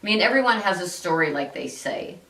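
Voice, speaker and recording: A woman's voice: on the low side, lively intonation, brisk, creaky, fairly bright tone, far from the mic. A woman hosting an instructional talk, coaching listeners directly and giving them example phrases to say. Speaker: host and workplace-civility coach. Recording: echoey room, voice a bit off-mic.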